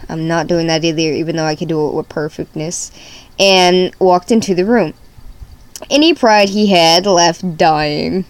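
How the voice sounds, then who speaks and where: A woman's voice: fairly low pitch, a little slow, no echo. Woman, sleep-deprived, rambling, reading fan fiction aloud, dry room. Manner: rambling, sleepy, self-interrupting asides. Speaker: fanfic reader.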